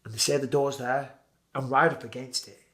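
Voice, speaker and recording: British man, forties, casual storyteller, vivid retelling, mid-pitched voice. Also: flat delivery, moderate pace, a bit bright. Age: 40s. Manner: vivid storytelling, acting out his own past lines. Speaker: guest telling a story. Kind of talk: casual spoken anecdote.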